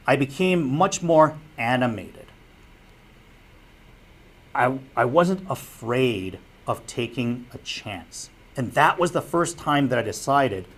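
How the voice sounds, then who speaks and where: A man's voice: mid-range voice, very animated, unhurried, a bit bright. Earnest man giving a broadcasting lecture. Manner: earnest, direct, repeats key advice. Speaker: broadcasting instructor and former sportscaster. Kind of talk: public lecture.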